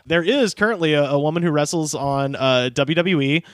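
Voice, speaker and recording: A man's voice: fairly high pitch, brisk, smooth, dry recording, clean studio sound. A man co-hosting a comedy podcast, chatting casually, loose and profane, laughing often. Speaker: podcast co-host.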